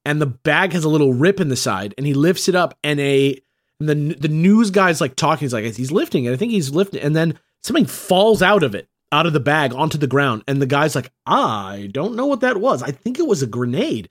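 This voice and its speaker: A man's voice: a little high, animated, a little fast. A man co-hosting a podcast in casual chat, rambling and repeating himself with lots of fillers.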